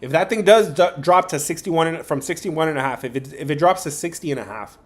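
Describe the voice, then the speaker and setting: Brisk and fairly high-pitched, a young guy chats loosely with his audience on a sports betting stream. He addresses chat viewers by name as he discusses picks, leaning heavily on filler words.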